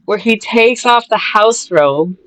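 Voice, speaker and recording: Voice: mid-range voice, lively intonation, slow pace, a bit bright, poor audio. A co-host of a gaming video chatting casually, swearing now and then. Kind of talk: casual chat while playing a game.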